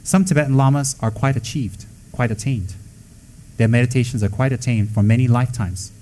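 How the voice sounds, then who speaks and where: A man's voice: medium pitch, fairly quick, mellow. A man in a mid-range voice gives a loose, unscripted Buddhist teaching. He talks bluntly and with emphasis, asks rhetorical questions and answers them himself, and drops in teasing jokes. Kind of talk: informal dharma talk.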